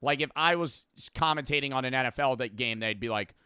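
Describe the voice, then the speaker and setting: A man's voice: medium pitch, a little fast, bright, forceful tone, smooth, dry recording, studio quality. A man streaming and reacting to a video in casual, profane, rambling talk with lots of fillers.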